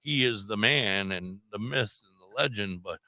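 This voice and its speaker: A man's voice: lowish voice, moderate pace, pushed and bright, dry recording. An older man co-hosting a podcast, telling a funny story in a casual chat and laughing as he goes. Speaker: podcast co-host.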